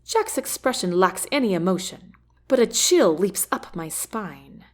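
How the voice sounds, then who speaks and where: A woman narrating a novel in the first person, with an expressive, varied reading. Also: mid-range voice, a little slow. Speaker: audiobook narrator.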